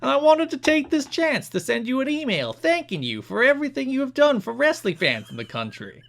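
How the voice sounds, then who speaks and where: Man putting on a high-pitched New Jersey fanboy. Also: big pitch swings, fairly quick, vocal fry, exaggerated voice. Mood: gushing. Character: excitable male wrestling fan writing a letter.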